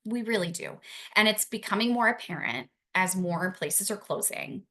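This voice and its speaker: A woman's voice: medium pitch, lively intonation, moderate pace, pushed and bright. A young adult woman giving an earnest, reassuring talk to parents, repeating her key phrases. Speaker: family support speaker for parents.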